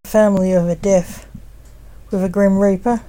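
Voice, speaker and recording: A woman's voice: mid-range voice, fairly even intonation, normal speed, dark tone, natural voice. A woman voicing a stern, bossy male grim reaper who leads the others, in a scolding, dry manner.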